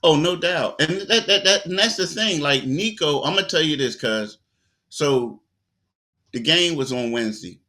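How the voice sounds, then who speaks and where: A man's voice: on the high side, moderate pace. A man, a sports reporter talking through a basketball game in casual chat, telling stories and acting out quotes. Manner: animated storyteller, acts out quotes, repeats words.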